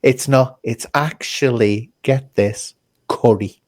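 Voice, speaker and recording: A man's voice: medium pitch, slow, darkish tone. A man hosting a casual interview, chatty and teasing, laughing as he talks. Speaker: host.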